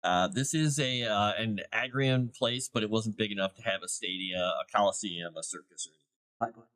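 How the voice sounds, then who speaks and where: A man's voice: lowish voice, moderate pace, fairly bright tone. A man hosting a casual live stream, thinking aloud as he works and chatting to viewers and his cat. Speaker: author and live-stream host.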